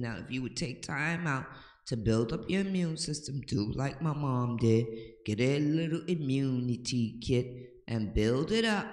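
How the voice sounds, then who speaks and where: An older woman talks slowly and deliberately, lecturing with emphatic, preachy conviction. Her voice rings around a roomy space with a long, lingering reverb. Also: low-pitched. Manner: preachy, emphatic, checks in with "okay?". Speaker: home-remedy host. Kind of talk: casual advice talk to camera. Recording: echoey room with long reverb.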